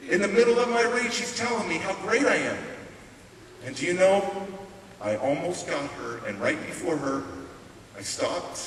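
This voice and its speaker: A man giving a motivational stage speech, telling his story emphatically with dramatic pauses. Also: high voice, lively intonation, fairly bright tone. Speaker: motivational speaker. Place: large hall on stage. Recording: echoey hall from far off, hiss.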